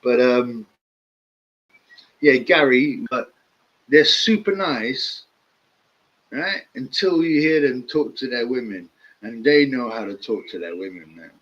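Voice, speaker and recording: A man with rambles through stories on his livestream, his pitch swinging widely as he laughs and mimics people. He talks at an unhurried pace, and the stream audio sounds dull and lo-fi. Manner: laughs often, lively storytelling with mimicked voices. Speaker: livestream host. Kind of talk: casual rambling storytelling.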